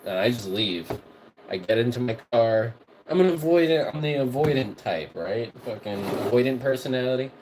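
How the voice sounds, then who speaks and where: A man's voice: mid-range voice, lively intonation, moderate pace, noisy background. A man hosting a livestream, rambling, profane and repetitive as he tells stories while cooking in his kitchen. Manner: rambling, profane, repeats himself. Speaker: music producer and livestream host. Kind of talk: casual storytelling livestream.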